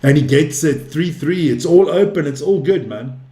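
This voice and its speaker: With a mellow, slightly high voice, this darts stream host in his fifties talks expressively at a normal speed. He calls out scores and chats with viewers, responding to their comments, in a room with noticeable echo.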